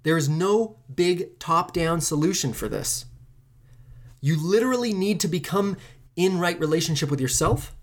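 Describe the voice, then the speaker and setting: A solo podcast host in full impassioned flow, preaching to listeners with emphatic repetition and casual swearing. The pitch leaps up and drops low from line to line, and the pace keeps changing. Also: lively intonation, normal speed. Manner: pitch and pace swing widely between lines.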